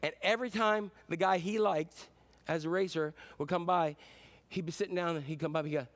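A man preaching a sermon as pastor, telling stories in a casual, animated way with sudden whoops and cheers. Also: high voice, brisk.

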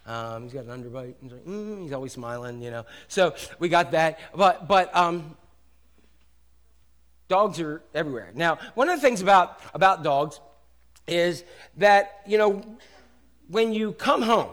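A middle-aged man preaching a sermon as pastor in a casual, animated way, swinging from loud exclamations to soft asides. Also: on the high side, a little slow.

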